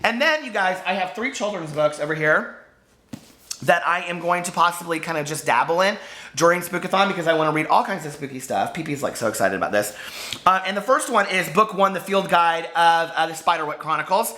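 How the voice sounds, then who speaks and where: A man chatting to camera as a book vlogger, gushing and full of fillers, hoarse from losing his voice. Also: on the high side, lively intonation, a little fast, bright, forceful tone. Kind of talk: casual chat to camera.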